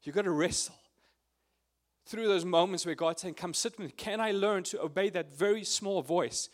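Guy with a higher voice giving a tearful testimony, earnest and halting, lots of ums. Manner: earnest, emotional, with frequent fillers. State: tearful at times. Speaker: speaker at a prayer meeting. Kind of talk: informal testimony and prayer.

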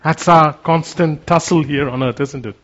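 Man, high-pitched voice, preacher, sermon, fervent. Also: normal speed, highs cut off. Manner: builds from quiet reflection to fervent declaration.

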